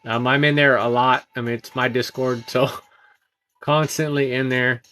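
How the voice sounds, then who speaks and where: A man hosting a late-night trading livestream, talking through charts in a relaxed, halting way with many ums and uhs and greeting chat viewers, sounding tired. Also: mid-range voice. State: tired, yawning. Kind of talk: casual live-stream chart commentary.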